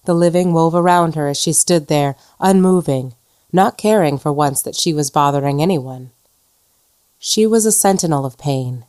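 A woman narrates a short story in a measured, dramatic way. Her voice sits very low for a woman, and the recording is dry and close. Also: darkish tone, clean tone, dry recording. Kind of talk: scripted narration.

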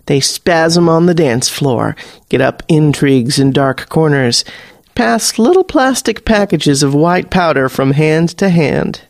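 A male narrator reads a story in a slow, deliberate way, taking his time over each phrase. His voice is fairly high for a man. The recording is close and dry, with no room sound. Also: lively intonation, creaky, dry recording. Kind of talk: scripted narration.

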